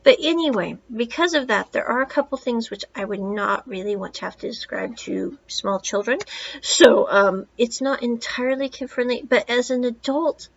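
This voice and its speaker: A woman's voice: fairly high pitch, moderate pace, vocal fry, lo-fi sound. A woman in her thirties hosting a podcast, giving a rambling casual movie review with asides and retold dialogue. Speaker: podcast host reviewing a film.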